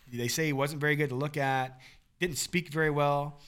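Man, bright tone, casual scripture chat, animated, acts out quotes. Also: fairly high pitch, normal speed, smooth. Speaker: podcast co-host. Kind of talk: casual Bible discussion.

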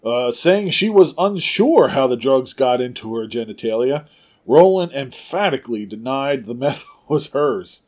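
A man's voice: medium pitch, animated, measured pace, darkish tone. A man co-hosting a casual comedy podcast, reading strange news stories aloud with wry asides. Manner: laughs easily, reads with wry asides. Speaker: podcast co-host.

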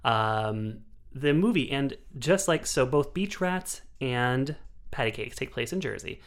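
A man hosting a casual podcast chat, an animated storyteller who laughs often and jumps into high quoted voices. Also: unhurried. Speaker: podcast host.

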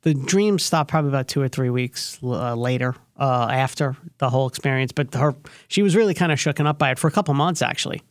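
Radio guy rambling through a story, lots of restarts and fillers, mid pitched, dry close sound. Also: fast talker, hardly any pauses, dry recording. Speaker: radio show host. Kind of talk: casual storytelling chat.

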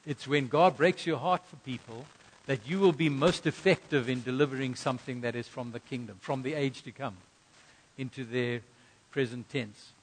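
A man's voice: medium pitch, normal speed, husky. A middle-aged male pastor preaching a sermon, telling a personal story earnestly with emphatic bursts.

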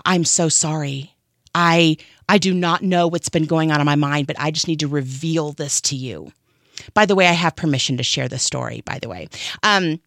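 A woman's voice: fairly low pitch, fairly bright tone, no echo, clean studio sound. A woman in her thirties giving an earnest, emotional personal testimony in a storytelling manner. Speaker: speaker sharing testimony.

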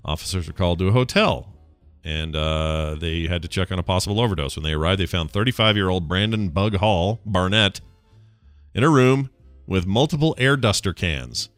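A man's voice: expressive, normal speed, a bit bright, no echo, soft background music. A man co-hosting a podcast, chatting casually and jokingly, sometimes slipping into silly voices. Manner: jokey, breaks into silly high put-on voices. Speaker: podcast co-host. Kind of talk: casual comedic chat.

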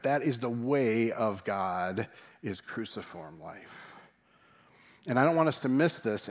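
Guy pastor giving a sunday sermon, mid-pitched voice, joking around, chatty asides. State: dry mouth from caffeine. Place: church service.

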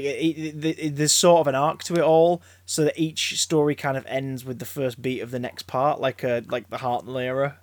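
A man chatting casually as a podcast co-host, an excitable storyteller who rambles, stammers and restarts his sentences. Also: medium pitch, no room sound. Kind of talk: casual chat.

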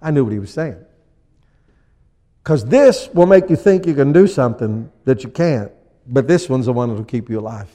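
A man preaching a sermon as pastor, acting out people in little scenes with lively energy. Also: medium pitch, moderate pace, long reverb tail. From USA.

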